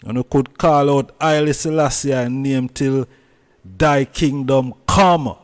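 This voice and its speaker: Jamaican male host for a casual commentary vlog, slow and emphatic, repeats himself to drive points home. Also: medium pitch. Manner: repetitive, emphatic, drawn-out phrasing. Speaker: channel host.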